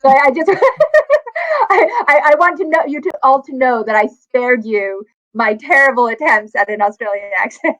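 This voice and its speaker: A woman author talking casually in an animated, quick way. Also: sits high, poor audio. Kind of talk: casual conversation.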